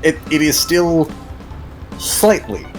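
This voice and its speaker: A man's voice: fairly high pitch, animated, slow pace, soft background music, low-quality recording. A man chatting while gaming, self-deprecating and swearing freely. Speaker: gaming companion. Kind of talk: casual chat while gaming.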